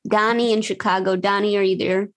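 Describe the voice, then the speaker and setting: A woman hosting a comedy podcast game show, chatting with callers in a playful, quick, giggly way. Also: mid-range voice, fairly even intonation. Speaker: podcast host. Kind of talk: casual comedic chat.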